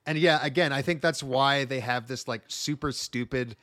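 A man co-hosting a casual movie discussion podcast, talking in an animated way and swearing freely. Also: medium pitch, moderate pace, no echo, clean studio sound. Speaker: podcast co-host.

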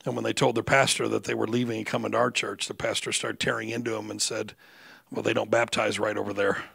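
A middle-aged male pastor, preaching conversationally and building to loud, emphatic outbursts. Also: mid-range voice, vocal fry, husky, no echo, studio quality. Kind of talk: sermon.

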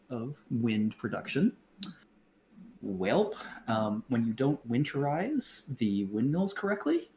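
A man's voice: mid-range voice, a little mellow. Blunt, swearing man in an echoey room. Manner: blunt, profane, halting with many restarts. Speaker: podcast co-host. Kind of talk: casual chat. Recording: roomy echo, faint background noise.

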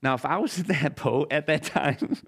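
A man preaching a sermon as pastor, telling an animated story with halting restarts. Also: on the high side, breathy edge.

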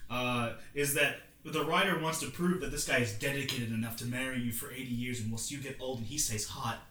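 A young man hosting a casual podcast chat, excitable and swearing, often laughing as he talks. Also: mid-range voice, fairly quick. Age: young adult. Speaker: podcast host. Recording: echoey room, faint ambience.

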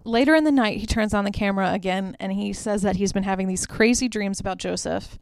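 A woman's voice: mid-range voice, fast, clear, resonant tone, no echo. A young woman hosting a podcast, casually retelling a film plot with many filler words and quoted lines. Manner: chatty, lots of "like" fillers; quotes characters in her own voice. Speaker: podcast host.

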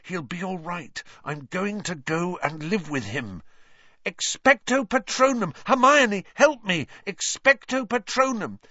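A desperate teenage boy wizard cries out in a high, straining voice, played by a man reading a story. He sounds frantic and pushed to his limit. The recording is dry and a little muffled. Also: expressive, unhurried, bright, forceful tone, dry recording, heavily acted.

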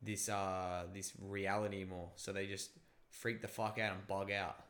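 A man's voice: deep voice, normal speed. A man in casual chat, animatedly telling a story and musing about whether reality is fake. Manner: animated storyteller, acts out voices.

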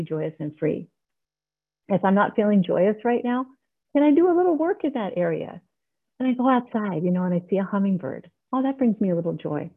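A middle-aged woman giving an earnest, heartfelt personal share as a member of a recovery meeting, speaking on a video call. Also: on the low side. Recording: tinny online call audio.

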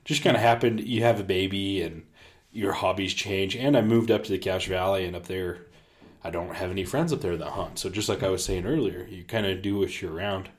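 A laid-back, low-voiced podcast co-host in casual chat, talking a little fast. He tells stories with animation, acting out the quotes.

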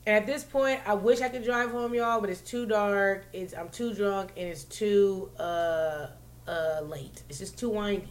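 A woman telling a story in a loose, profane chat. She is animated and swings into loud, laughing bursts, and her pitch sits in an ordinary middle range. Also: measured pace. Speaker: podcast co-host telling a story.

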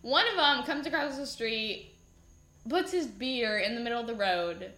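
A woman's voice: fairly high pitch, normal speed, pushed and bright, roomy sound. A young woman co-hosting a podcast, chatting casually, swearing now and then and chiming in with agreement. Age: young adult. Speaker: podcast co-host. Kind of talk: casual storytelling chat.

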